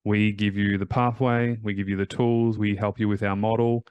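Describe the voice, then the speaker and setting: Low-voiced guy coaching on a podcast, punchy and repeats himself, dry close sound. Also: little pitch movement, moderate pace, darkish tone, clean tone, dry recording, dull audio. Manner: emphatic, repeats key phrases. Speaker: recovery coach and podcast host. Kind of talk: motivational podcast talk.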